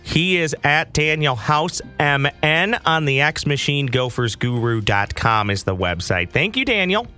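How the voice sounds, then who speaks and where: A man hosts a casual sports podcast, talking in a bright, forward voice with an easy, friendly manner. He has a slight morning huskiness, and faint music sits under his talk. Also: on the high side, animated, measured pace, few pauses. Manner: friendly, conversational, upbeat sign-off. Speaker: podcast host.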